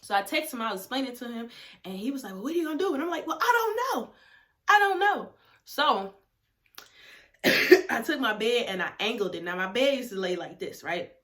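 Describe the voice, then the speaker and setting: A young adult woman vlogger telling a personal story in a casual, animated way, talking straight to her viewers and dropping to a hush for asides. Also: a little high, brisk. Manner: animated, talks straight to viewers, drops to hushed whispers for asides.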